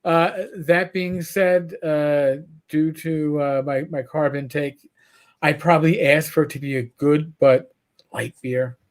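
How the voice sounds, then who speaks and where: A man's voice: fairly high pitch, steady tone, slow pace. A man with a New York accent hosting a casual livestream chat, talking bluntly and profanely, rambling with restarts. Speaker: podcast host.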